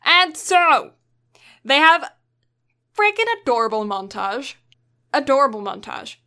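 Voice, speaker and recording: Bright, chatty young woman recapping a film. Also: sits high, very animated, unhurried. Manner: chatty storyteller, lots of fillers. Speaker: podcast co-host.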